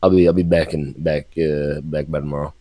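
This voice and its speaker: A man putting on a low, offhand mumble for an aloof male caped vigilante. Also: flat delivery, fairly quick, heavy background noise.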